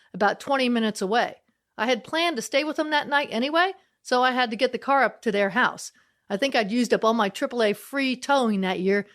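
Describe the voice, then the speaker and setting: A woman's voice: fairly high pitch, fairly bright tone. Chatty woman comedian telling stories. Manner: chatty, laughs between lines. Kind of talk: storytelling comedy.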